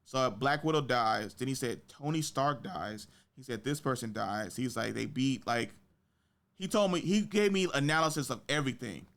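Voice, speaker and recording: A man's voice: moderate pace, vocal fry. A man hosting a podcast, telling stories in casual chat, slangy and swearing, acting out quotes with big jumps in his voice. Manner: animated storytelling, acts out quotes with big pitch jumps. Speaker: podcast host.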